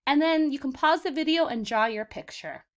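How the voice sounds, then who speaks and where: A woman teacher leading a vocabulary lesson for young children, sounding out words slowly for them to repeat and calling them "my friends.". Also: sits high. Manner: slow, exaggerated word modeling for repetition; encouraging, addresses children as "my friends".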